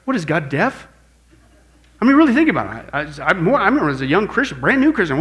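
A male preacher teaches apologetics with a bright, slightly high voice. He talks in an animated way, sinking low and quiet for stories, then rising loud as he acts out quoted voices. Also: quick pace. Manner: animated, shifts between loud quoted outbursts and low hushed storytelling. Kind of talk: sermon-style teaching.

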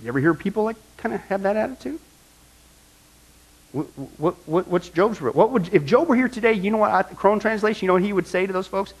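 A man's voice: high voice, lively intonation, fast talker, low-quality recording. A male pastor preaching a sermon, asking the congregation rhetorical questions and acting out the complaints of the people he quotes.

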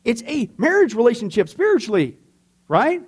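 Male pastor with a high voice, leading a small church class, chatty and animated, lots of asides. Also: normal speed, slightly rough. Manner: animated, talky, many asides and fillers. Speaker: pastor teaching a discipleship class. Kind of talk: conversational class teaching.

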